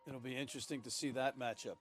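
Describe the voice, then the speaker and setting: A male play-by-play commentator on a college rugby stream. His voice sits at an ordinary middle pitch, and he talks in an easygoing way, handing off to his colleagues. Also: steady tone, fast talker, fairly bright tone. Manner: easygoing, hands off to the sideline. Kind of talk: sports broadcast commentary.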